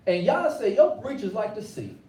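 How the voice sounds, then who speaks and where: A man preaches in a loose, rhythmic way, circling back on his phrases. His voice is mellow and somewhat high. The sound is roomy, caught from a distance. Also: very animated, moderate pace. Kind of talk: sermon.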